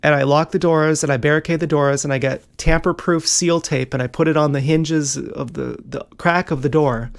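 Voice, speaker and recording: A man's voice: on the high side, steady tone, normal speed, vocal fry, few pauses. A young man talking in a rambling, agitated monologue, swearing often and jumping between worries. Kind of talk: casual monologue vlog.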